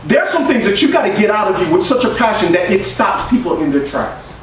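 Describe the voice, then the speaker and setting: High, lively preacher man in an echoey church. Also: brisk, soft background music. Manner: call-and-response preaching, swings from shouts to hushed tones. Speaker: pastor. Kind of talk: sermon. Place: church sanctuary. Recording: echoey church room from far off, faint hiss.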